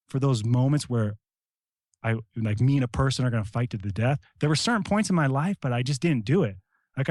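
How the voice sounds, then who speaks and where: Man, middle-aged, from the United States, casual storytelling, animated, swears a lot, dry recording. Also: medium pitch, no room sound. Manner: animated, acts out quoted voices, swears casually, says "bro" and "right?". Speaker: guest, Army veteran.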